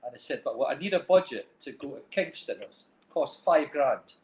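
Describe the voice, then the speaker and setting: This middle-aged Dundee-accented man from Scotland has a mid-range voice with lively intonation at a normal speed. A film director and music manager, he's a guest in a casual chat, wandering through stories full of "like, you know", with roomy echo on the recording.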